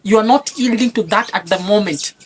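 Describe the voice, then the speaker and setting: Brief: earnest woman, husky voice, mid pitch, halting repeated phrasing, faith testimony. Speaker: guest sharing a testimony. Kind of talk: emotional personal testimony.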